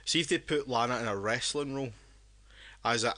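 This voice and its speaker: Tipsy podcast co-host, bright and rambling, tripping over his own words. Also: mid-range voice, brisk. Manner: rambling, with many restarts. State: drunk. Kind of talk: casual podcast chat.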